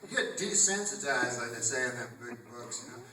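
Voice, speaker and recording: A man doing stand-up comedy in a theater, rambling and deadpan, breaking into loud put-on voices. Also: mid-range voice, brisk, noisy background. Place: theater stage. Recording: grainy, echoey theater recording from far off. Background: audience laughter.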